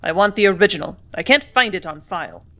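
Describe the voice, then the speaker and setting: A woman voicing a loud bullying factory boss. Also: mid-range voice, a little fast, natural voice. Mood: blustering. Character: blustering gruff male factory superintendent.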